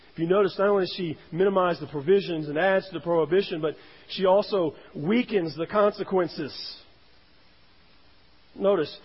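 A man's voice: a little high, breathy edge. A man preaching a sermon as a pastor, emphatic, rising and dropping his voice to stress points. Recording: dull, roomy hall sound.

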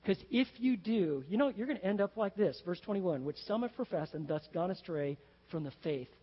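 A male pastor delivers a sermon in a high-pitched voice, animated and at times building to excited shouts. The sound is dull and muffled, carrying a long reverb from the church sanctuary. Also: brisk, slightly rough.

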